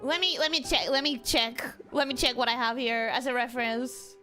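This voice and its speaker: A young woman streams a game from home on a desk mic, chatting with her viewers in a bubbly, talkative way as game music plays behind her. Her voice is high-pitched, bright, and forceful, with a steady tone and normal speed.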